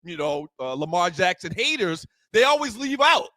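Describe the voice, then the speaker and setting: Bright high-voiced man talking sports. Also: big pitch swings, moderate pace, dry recording. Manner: emphatic, repeats points, thinks aloud with restarts. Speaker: sports talk show co-host. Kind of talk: casual sports talk.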